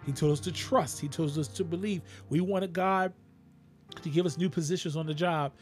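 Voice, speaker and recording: A man's voice: on the high side, normal speed, faint music behind. A man preaching a radio sermon, talking straight to his listeners and rising to sudden exclamations.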